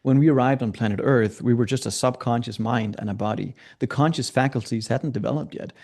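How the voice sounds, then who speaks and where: A middle-aged man speaks as a coach in an interview, telling stories in a lively, animated way. He plays out the voices of people he quotes, and his voice is gravelly. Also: medium pitch, fairly quick. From Scandinavia. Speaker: guest, transformational coach. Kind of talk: animated storytelling.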